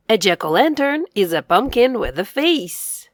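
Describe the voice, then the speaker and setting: A woman teaching young children to read. She speaks slowly and clearly, says each word aloud, then echoes it in a whisper. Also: mid-range voice, big pitch swings, clean studio sound. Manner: slow, clear, encouraging delivery for young learners. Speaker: reading teacher. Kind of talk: scripted children's reading lesson.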